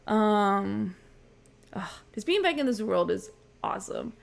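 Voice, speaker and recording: Woman host, gravelly fry, chatty and gushing, loose casual recap delivery. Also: mid-range voice, big pitch swings, unhurried. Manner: chatty, gushing, many ums and likes. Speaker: reaction channel host.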